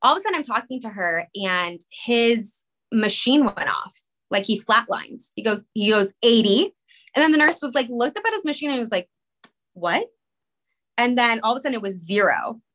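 Bright-voiced woman telling an emotional story. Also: a little high, animated. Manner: rushed, rambling, many "like" fillers. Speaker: podcast guest, mother. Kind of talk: emotional personal story in conversation.

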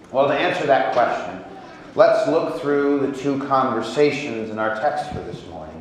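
Pastor from indiana giving a sermon, chatty and jokey, big echoey church. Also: male voice, medium pitch, slight background noise. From Indiana, USA. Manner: conversational and humorous, with acted quotes.

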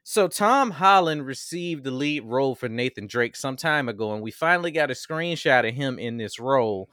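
A man's voice: mid-range voice, expressive, normal speed, sharp tone, no echo, clean studio sound. A man co-hosting a podcast, joking and chatting casually. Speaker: podcast co-host. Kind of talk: casual chat.

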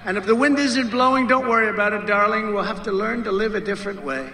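A man mimicking a breezy husband who lectures his wife in a mocking, airy, hurried way. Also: sits high, pushed and bright, slight background noise. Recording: roomy, heard from a distance.

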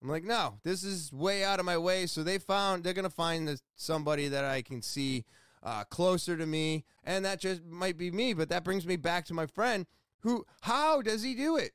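A man telling a rambling personal story in a casual vlog, excitable and loud, with lots of restarts and the odd swear word. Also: high voice, moderate pace, clear, resonant tone, dry recording, clean studio sound. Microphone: headphones with mic.

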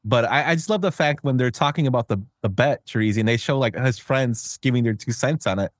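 A man's voice: medium pitch, a little fast, dry recording, clean studio sound. Chatty man hosting a casual podcast. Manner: chatty, rambling with filler words. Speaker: podcast host. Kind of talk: casual chat.

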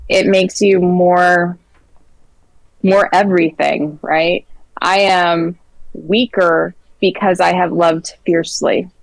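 A woman in a casual interview conversation, her voice sitting low for a woman. She talks earnestly and haltingly, restarting her sentences and filling pauses with "um." The sound is close and dry. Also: fairly even intonation, gravelly, no echo, rough recording. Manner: earnest, halting storytelling with many fillers. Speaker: guest.

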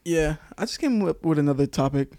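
A man's voice: on the high side, animated, fairly quick, a little mellow, dry recording. A young man from Brooklyn co-hosting a podcast, who jokes, teases and brings up topics in casual chat. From Brooklyn, New York. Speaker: podcast co-host.

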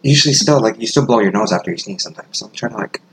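A woman in casual chat with friends, quick and curious, asking questions. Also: very deep voice, lively intonation, a little hiss or hum, rough recording.

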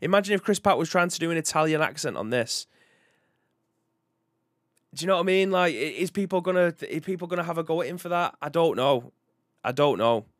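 Chatty British podcast host, dry sound. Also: male voice, a little high, expressive, a little fast, pauses often, no echo. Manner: chatty and rambling, reads out chat comments. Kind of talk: casual live-stream chat.

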